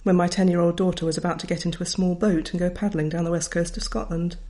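A woman's voice: fairly low pitch, fairly even intonation, fast talker, mellow. A middle-aged woman, a writer reading her own memoir aloud in a wry, reflective way. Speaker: author.

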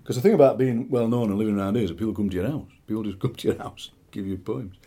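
A middle-aged man with a Barnsley accent, a poet chatting in an interview and reading his poems, lively and fond of doing voices. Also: on the low side, racing. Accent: Barnsley, South Yorkshire. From South Yorkshire, England. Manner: animated storyteller, slips into quoted voices. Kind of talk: conversational interview with poetry reading.

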